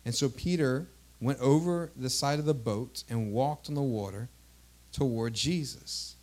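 A man's voice: medium pitch, a little slow, darkish tone. A man in his thirties, a pastor preaching a sermon emphatically, calling out to the congregation and drawing out key words.

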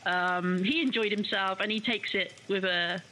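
A British woman co-hosting a radio talk show, chatting warmly and calling her co-host darling. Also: medium pitch, moderate pace, a little hiss or hum, poor audio. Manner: chatty, warm-hearted, says darling. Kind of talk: casual talk radio chat.

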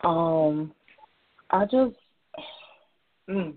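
A woman's voice: on the low side, animated, drawn-out words. A woman, a mother and guest on a casual podcast, speaking earnestly and heartfelt in short repeated phrases. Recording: tinny phone-line sound.

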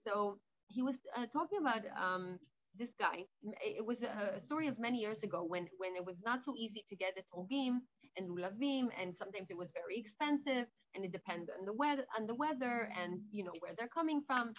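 A woman giving an informal holiday talk. She tells animated stories with many restarts. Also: medium pitch, brisk. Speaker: speaker. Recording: dull lo-fi recording.

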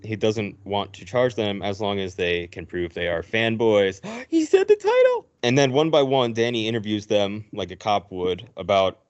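Man, podcast host, low voice, animated retelling, muffled lo-fi recording. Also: normal speed, few pauses. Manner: animated retelling, acting out characters' lines. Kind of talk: casual movie recap. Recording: dull lo-fi recording.

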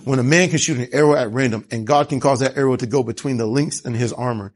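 A man's voice: mid-range voice, fast. A man preaching a sermon, telling the story with animation and asking rhetorical questions. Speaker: pastor.

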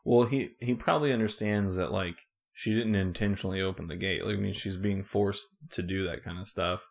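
A man's voice: deep voice, brisk, vocal fry. A man co-hosting a podcast, recapping a show in casual chat with a rambling, filler-heavy manner. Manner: relaxed, rambling with many fillers. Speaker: podcast co-host.

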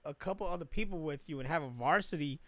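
A man co-hosting a casual chat, telling a story in an animated, profane way with lots of laughter. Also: fairly high pitch, quick pace.

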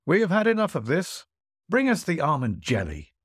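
A man's voice: very animated, a little slow, a little mellow, breathy edge, dry recording, studio quality, heavily acted. A man voicing a boastful wealthy host who keeps pressing lavish food and wine on his guest. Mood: pressing, showy. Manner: high, insistent, grandly pressing food on a guest. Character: boastful wealthy male host, teasing and showy. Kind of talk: storytelling voice acting.

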